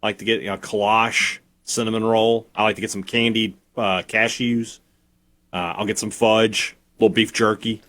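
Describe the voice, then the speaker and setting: A man's voice: lowish voice, flat delivery, normal speed, sharp tone. A man co-hosting sports talk radio in casual banter, arguing playfully with frequent stammered restarts.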